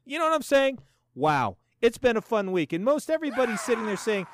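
Animated sarcastic man ranting, high voice. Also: a little fast, noisy background. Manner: animated, sarcastic, swears a lot. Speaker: show host. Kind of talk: profane casual commentary.

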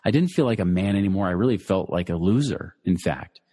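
Speaking quickly and with animation, a middle-aged man who works as a financial educator shares a personal story in a husky, breathy voice pitched a little low and mellow in tone. He rambles casually, restarting often and leaning on fillers. A long reverb lingers after each phrase.

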